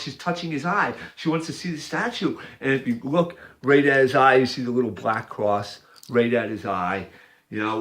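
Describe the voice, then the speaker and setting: A man's voice: mid-range voice, a bit bright. A man rambling in a casual monologue, describing a picture with hesitant, repetitive restarts. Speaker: video maker.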